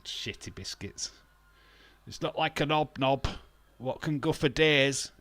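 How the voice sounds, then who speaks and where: A man hosting a relaxed live stream, drawling along at an unhurried pace and teasing his viewers with a chuckle. His voice sits at an ordinary middle pitch. It sounds dry and close, with no room around it. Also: no room sound. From England. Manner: teasing, chuckling, banters with chat, muses aloud. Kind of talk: casual live-stream chat reading out viewer comments.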